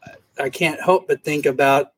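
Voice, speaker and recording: Husky-voiced man leading Bible study. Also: a little high, moderate pace. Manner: animated, acts out scripture scenes in voices. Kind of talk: casual Bible study discussion. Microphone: camera mic.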